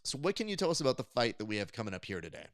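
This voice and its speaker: A man's voice: medium pitch, very fast, no echo, studio quality. A man co-hosting a podcast in casual chat, telling stories and acting out quotes in other voices. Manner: animated storyteller, acts out quotes. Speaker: podcast co-host.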